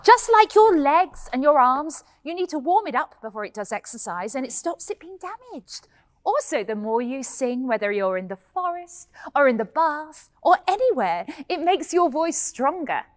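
A woman's voice: sits high, sing-song, moderate pace. A woman playing a bubbly fairy-tale heroine. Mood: cheerful. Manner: bubbly, giggly, sing-song, addresses children. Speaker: pantomime performer teaching children. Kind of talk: pantomime children's vocal lesson. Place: indoor hall.

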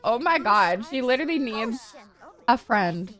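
A woman's voice: fairly high pitch, lively intonation, measured pace, fairly bright tone. A young woman giving casual, gushing gameplay commentary, peppered with "like" and casual swearing. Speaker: gaming streamer.

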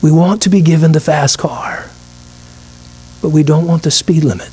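A pastor preaches a midweek sermon. His voice sits a bit high for a man. He reads scripture aloud and slips into acted asides, with a low mains hum under it all. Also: fairly even intonation, moderate pace, warm tone, husky.

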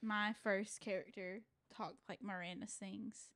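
A woman in a casual podcast chat, giggly and animated. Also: mid-range voice, a little slow.

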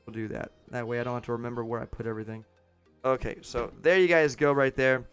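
This streamer talks fast in a clear, resonant, medium-pitched voice with fairly even intonation, while faint music plays behind him. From his green-screen home setup he casually comments on his game, chatting with viewers and often chuckling.

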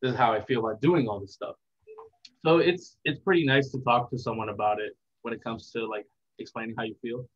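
A young man giving a casual interview as a content creator, talking in a relaxed, rambling, reflective way. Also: medium pitch, fairly quick. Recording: dull lo-fi sound.

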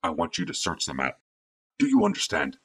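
A man reading an audiobook, voicing a stern, protective older male mage in firm, low-voiced urging with a husky tone. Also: big pitch swings, moderate pace, fairly bright tone, exaggerated voice. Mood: urgent, firm. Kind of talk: audiobook character voice.

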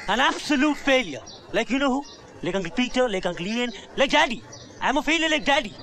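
A man's voice: very high voice, pushed and bright, full character voice. An actor playing a bitter, self-loathing young son who rants and repeats himself at his mother in a film drama. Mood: despairing.

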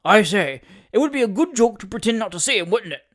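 A reader voicing a jovial, prankish gentleman who talks in a hearty, exclaiming and mischievous way in an audiobook. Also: mid-range voice, sing-song, quick pace, no room sound, studio quality, pitched above the performer's own voice. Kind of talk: audiobook character voice.

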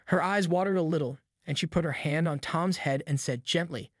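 A man narrates a classic story in a steady, measured reading voice. His pitch sits a little high for a man. The sound is dry and close, with no room around it. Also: no room sound. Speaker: audiobook narrator. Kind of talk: scripted narration.

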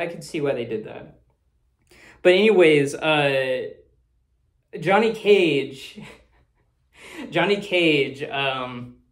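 A man talking casually as the host of a movie review, rambling, swearing freely and laughing often. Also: on the high side. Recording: roomy echo.

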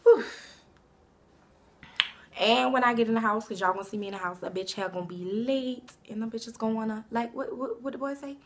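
A young woman in her twenties from Savannah, Georgia, talking brashly and profanely about herself to camera, breaking into loud bursts. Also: a little high, fairly quick, slight background noise. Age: 20s. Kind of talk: casual self-introduction to camera.

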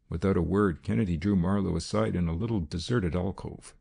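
A man narrating a detective story as an audiobook, in a steady, measured first-person reading. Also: low-pitched, creaky, breathy edge.

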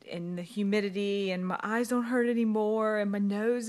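A woman records a video message from her bed at home, rambling warmly through a long, emotional thank-you. She speaks into a phone camera and fights to keep from crying. Her voice sits in the middle of the pitch range. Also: steady tone, moderate pace. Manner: rambling and emotional, holding back tears. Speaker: fitness coach.

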